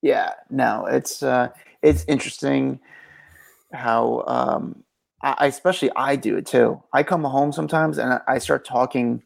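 A man co-hosting a celebrity news podcast in a rambling, animated casual chat, often correcting himself. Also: medium pitch, unhurried, creaky. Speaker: co-host and street reporter.

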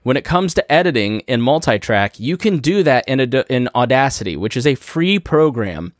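A male podcast host explains recording gear in a relaxed, chatty way, walking through each step and adding quick asides. His voice sits at an ordinary mid pitch. It is captured close on a studio microphone through a mixer, dry with no trace of room echo. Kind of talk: casual instructional talk.

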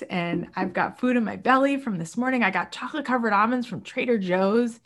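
A woman talking as a guest on a podcast, animated and emotional, acting out quoted voices as she speaks. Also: mid-range voice, moderate pace. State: moved to tears at times. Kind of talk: casual podcast conversation.

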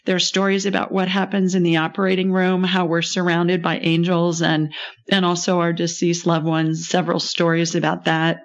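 A woman hosting a call-in radio show, talking in a calm, chatty, reassuring way. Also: fairly low pitch, normal speed. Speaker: radio show host, psychic. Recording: dull lo-fi broadcast sound.

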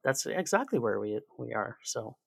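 A man's voice: mid-range voice, very animated, normal speed, gravelly, breathy edge, no echo. A Canadian man talking as a podcast guest in a chatty, sarcastic, laughing way. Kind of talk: casual chat.

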